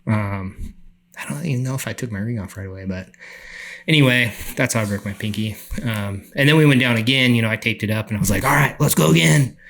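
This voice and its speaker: A middle-aged man telling a story on a podcast, animated, acting out the people he quotes. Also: lowish voice. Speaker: podcast guest. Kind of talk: casual storytelling.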